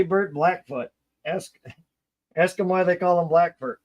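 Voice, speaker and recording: A man's voice: fairly high pitch, normal speed, darkish tone, muffled recording. A man chatting casually on a live stream while he repairs a model car, rambling, joking and muttering to himself as he works.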